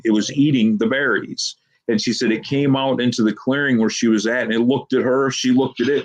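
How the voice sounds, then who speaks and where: A man being interviewed as a Bigfoot investigator, telling long rambling anecdotes and quoting people with "she goes.". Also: mid-range voice. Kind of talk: casual storytelling interview.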